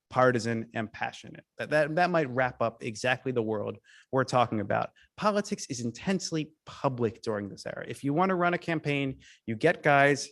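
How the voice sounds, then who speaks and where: A man's voice: medium pitch, no echo. A man giving a public history lecture as guest speaker, storytelling in an emphatic way and often restarting his sentences.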